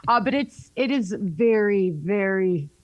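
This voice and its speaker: Animated and measured in pace, a young radio personality from North Carolina speaks with a Southern accent in a medium-pitched voice on a dry recording. Chatting casually in an interview, she laughs often and fills her speech with "like."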